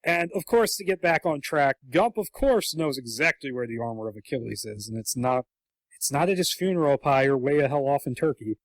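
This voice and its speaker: A man's voice: mid-range voice, lively intonation, a little fast, no echo. A man co-hosting a podcast, chatting casually and acting out quotes in comic voices. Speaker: podcast co-host.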